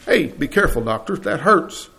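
A preacher acting out a big, brash truck driver, gruff and blunt, always in a hurry. The voice is gravelly and sits in a middle pitch. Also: male voice, normal speed. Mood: alarmed.

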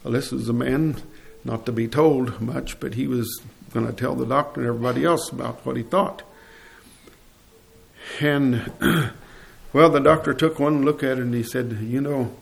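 A man preaching a sermon, telling a story earnestly and clearing his throat now and then. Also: medium pitch, fairly even intonation, moderate pace.

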